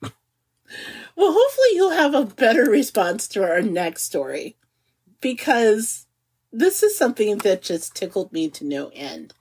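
A woman in her forties chats on a podcast with a slightly husky, breathy tone. Her pitch swings widely as she jokes. She laughs easily and speaks with no regional accent. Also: normal speed. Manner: animated and giggly, laughs often. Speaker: podcast co-host. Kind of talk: casual chat.

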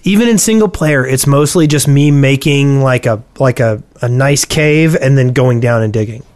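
Man, podcast chat, halting, lots of ums, dry close sound. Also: mid-range voice, darkish tone, no room sound. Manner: rambling, hesitant with many ums. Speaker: podcast co-host. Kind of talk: casual chat.

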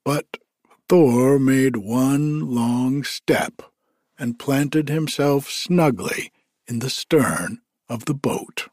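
A man reading a story aloud in a slow, deliberate storytelling manner. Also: mid-range voice, a little mellow, dry recording, clean studio sound.

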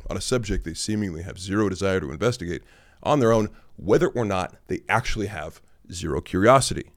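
A man's voice: low voice, expressive, a little fast. A man around forty hosting a podcast, talking in a blunt, sarcastic and casual way, with offhand fillers. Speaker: podcast host and lifting coach. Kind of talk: casual monologue.

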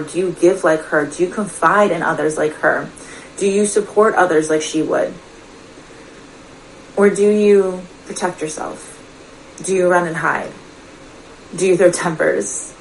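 A woman with a lowish voice gives an earnest, confiding motivational talk. She speaks as a coach, turning often to ask her listeners pointed questions. A faint hiss sits under her voice. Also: rough recording. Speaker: personal development coach. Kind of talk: motivational direct-to-camera talk.

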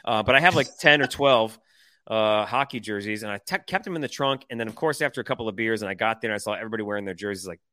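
A man from Detroit, podcast co-host, telling an excited, rambling story in casual chat with lots of fillers. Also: fairly low pitch, fast talker, no echo.

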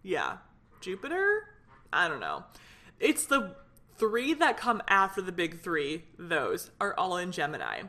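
A woman's voice: on the low side, big pitch swings, unhurried, bright, forceful tone. A young woman hosting her own solo podcast, talking in a fired-up, rambling way with lots of fillers. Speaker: podcast host. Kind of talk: casual solo podcast venting.

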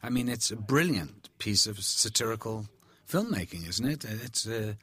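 A man, an actor commenting on a film, telling candid stories in an animated, chatty way. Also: lowish voice, moderate pace, slightly rough, no echo. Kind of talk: film commentary, anecdotal chat.

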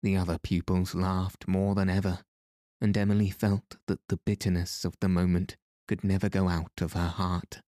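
A man reading a novel aloud as narrator, in a measured, expressive storytelling manner. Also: low-pitched, no echo, clean studio sound. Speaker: audiobook narrator. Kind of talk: scripted narration.

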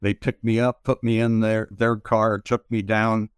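An older man telling stories as an interview guest, halting with many pauses and fillers. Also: lowish voice, level tone, clean tone, no room sound, studio quality. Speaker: interview guest, retired pitcher. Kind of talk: slow reflective storytelling.

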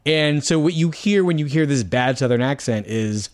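A man's voice: mid-range voice, lively intonation, normal speed. A man, a film critic, talking casually on a podcast, often searching for words and restarting his sentences.

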